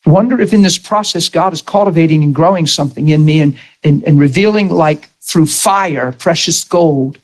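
A man preaching a sermon, telling his own story, dropping to a hush and then raising his voice to drive a point home. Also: on the high side, moderate pace, few pauses. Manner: testimony swinging from hushed to raised voice.

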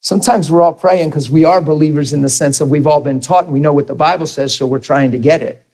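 Mellow-voiced preacher telling a story. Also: male voice, on the high side, quick pace, low-quality recording. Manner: storytelling, earnest, asks the audience questions. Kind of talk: sermon.

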